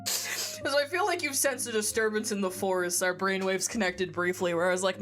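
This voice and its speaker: Over game music, a woman streamer talks casually while gaming in a mid-range voice at normal speed. Her throat is congested and phlegmy, and she giggles often and curses without restraint.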